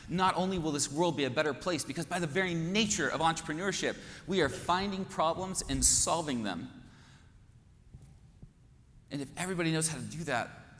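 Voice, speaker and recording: A man's voice: mid-range voice, a bit bright. A man from Kansas hosting a conference, giving an earnest, rousing speech full of rhetorical questions on a stage microphone. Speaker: conference host. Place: large hall, on stage. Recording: echoey hall with faint noise.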